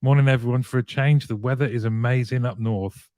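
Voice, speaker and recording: A man's voice: medium pitch, steady tone, a little fast, darkish tone, dry recording, studio quality. A man hosting a weekly live show, chatting and greeting viewers one by one by name.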